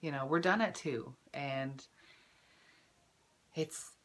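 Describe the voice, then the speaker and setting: A young woman in her twenties vlogging casually, chatty and full of fillers, emotional at times, clearing her throat from a lingering cough. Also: rumbling low, slow, fairly bright tone. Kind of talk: casual personal vlog.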